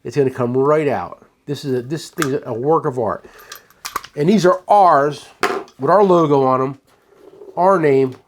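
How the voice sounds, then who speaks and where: A man's voice: on the high side, a little slow, slight background noise. A man who owns a tool shop, giving a casual, rambling sales demo of his products and often restarting his sentences. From United States.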